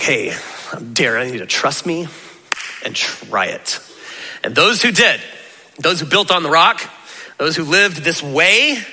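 A man preaching a sermon in an animated, conversational way, with sudden jumps up in pitch. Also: big-room sound. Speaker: pastor.

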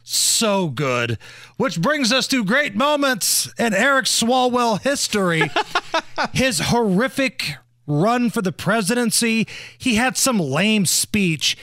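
A male radio host delivers mocking political commentary in a bright, high voice that swings widely in pitch. The sound is dry and close to the mic. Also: no room sound. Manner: sarcastic, animated.

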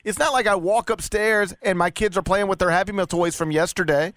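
A man's voice: high voice, brisk, a bit bright, no room sound, studio quality. A middle-aged man hosting a casual talk radio show, making his case with stammered restarts. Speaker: radio host.

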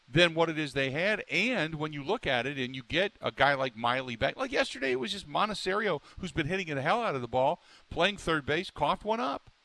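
A man's voice: on the high side, sharp tone. A man hosting a sports talk radio show, rambling and emphatic, stumbling through restarts as he riffs on the local team.

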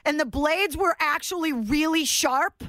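A woman hosting a radio show trades jokes with a caller in easy, bantering talk. Her voice sits high, and it is recorded close in a dry, dead studio. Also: a little slow, fairly bright tone, dry recording. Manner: joking, banters back. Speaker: radio host. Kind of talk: casual chat.

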